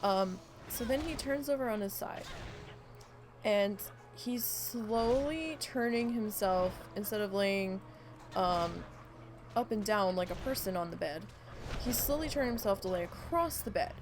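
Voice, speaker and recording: Over some background noise, a woman streamer speaks at a measured pace in a mid-range voice while playing a live game. Her allergies have left her congested and going hoarse, yet she tells a meandering story, performing the quoted lines and livening up when she imitates her dog.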